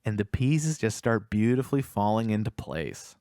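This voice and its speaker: A man's voice: lowish voice, sing-song, normal speed, dark tone, dry recording, studio quality. A man co-hosting a casual film review podcast, retelling scenes and acting out the characters' lines. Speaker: podcast co-host.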